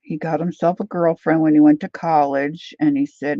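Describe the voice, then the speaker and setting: In a low-pitched, steady voice at normal speed, a middle-aged artist chats casually with viewers as she paints on a livestream, greeting them by name and often laughing. The audio has no echo but a slightly dull lo-fi sound.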